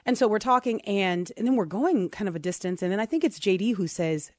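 A middle-aged woman co-hosts a casual talk show and tells a self-deprecating story with plenty of animation, often laughing mid-sentence. Her voice sits at a medium pitch. It is recorded dry and close, with no room sound. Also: brisk, no room sound. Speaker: co-host.

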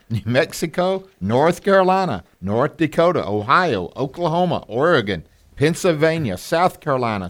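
A man with a Southern drawl, co-hosting a radio fundraising appeal and slowly repeating a phone number. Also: a little high. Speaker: radio co-host.

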